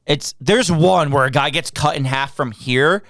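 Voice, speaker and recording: A man's voice: fairly high pitch, unhurried, fairly bright tone, dry recording, clean studio sound. A man co-hosting a podcast, recapping a film in casual chat with an exasperated, sarcastic edge. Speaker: podcast co-host. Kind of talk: casual movie review chat.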